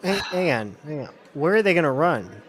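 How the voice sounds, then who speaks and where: A man's voice: a little high, sing-song, moderate pace, a bit bright. A man co-hosting a casual book-club podcast, making dry, critical remarks about the writing. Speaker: podcast co-host.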